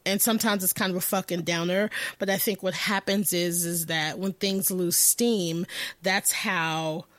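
A woman hosting a podcast, talking in a profane, animated and rambling way, often laughing and correcting herself. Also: on the low side, a little slow, no room sound. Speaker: podcast host. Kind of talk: casual podcast monologue.

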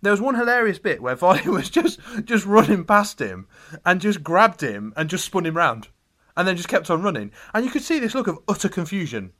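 Animated man talking football. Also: high-pitched, a little fast, few pauses. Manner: animated, storytelling, laughs often. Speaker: podcast co-host. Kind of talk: casual football chat.

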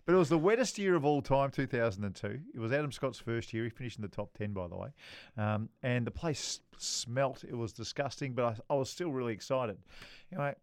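A middle-aged Australian man chats on a podcast and tells stories with a ready laugh. His voice is smooth and resonant, with a dry, close sound and no room around it. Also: medium pitch, no echo. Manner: lively storyteller, quick to laugh. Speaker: podcast co-host. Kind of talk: casual chat.

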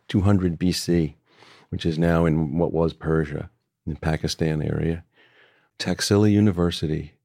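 A man being interviewed as an author, talking in a thoughtful, unhurried way and often restarting his sentences. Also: low voice, mellow, no echo, clean studio sound. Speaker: author guest. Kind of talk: reflective interview conversation.

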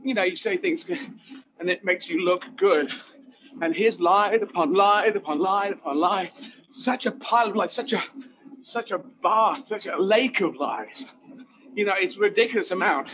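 A comedian talks in a lively, emphatic rush, circling back on his phrases. His voice sits high for a man. Steady outdoor noise runs under everything. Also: moderate pace. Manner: animated, emphatic, rambling asides. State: running while talking. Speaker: guest comedian. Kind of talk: conversational interview.

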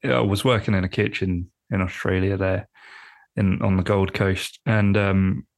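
Man, English accent, gravelly, lowish, dry close mic, casual laughing storyteller. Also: steady tone, measured pace, no echo. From England. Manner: laughing storyteller, repeats words while building up. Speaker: podcast co-host. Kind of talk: casual chat.

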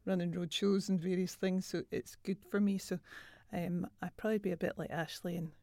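Measured woman, dry close sound. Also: on the low side, fairly even intonation, dark tone, dry recording. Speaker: guest. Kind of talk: casual chat.

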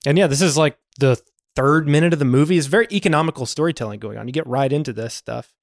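A man hosting a casual movie podcast, retelling scenes with lively storytelling. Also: mid-range voice, fairly quick, dry recording, clean studio sound. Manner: animated storytelling with acted quotes. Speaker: podcast host.

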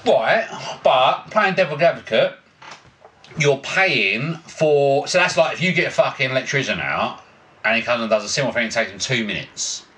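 A man's voice: medium pitch, moderate pace. A man co-hosting a podcast, telling stories in casual, sweary chat and acting out what people said. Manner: swearing, animated storyteller who acts out quotes. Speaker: podcast co-host.

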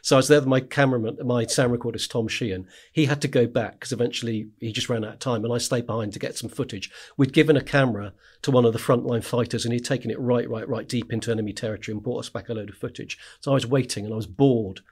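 A man's voice: medium pitch, fairly even intonation, fast talker, hardly any pauses, slightly rough. A man, a war correspondent, telling stories in a casual podcast chat, with frequent "right?" asides and laughing as he talks.

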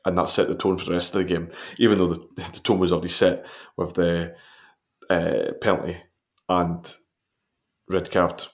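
A deep-voiced Scottish man talks football in a podcast chat. He sounds measured and analytical as he goes through the game. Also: flat delivery. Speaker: podcast co-host.

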